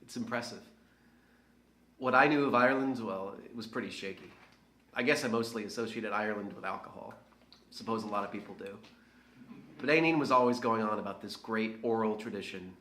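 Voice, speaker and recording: A man's voice: fairly low pitch, fairly quick, sharp tone. An actor playing a reflective, hesitant young American man in an audio drama monologue. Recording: roomy echo.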